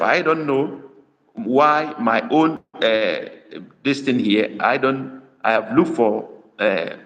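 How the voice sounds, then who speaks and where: A middle-aged man whose first language is Igbo teaches a live online lesson, stressing his points and numbering them as he goes. His voice sits at an ordinary pitch, and it rings in a roomy space with a long, trailing reverb. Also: fairly bright tone. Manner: didactic, repetitive, counts points aloud. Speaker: language tutor.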